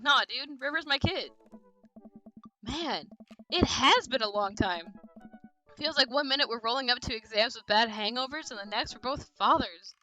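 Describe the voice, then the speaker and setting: A woman's voice: fairly high pitch, normal speed, sharp tone, faint music behind, rough recording. A woman voicing a friendly, laid-back male frat-bro dad while reading game dialogue aloud. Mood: easygoing. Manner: easygoing, drawling bro talk.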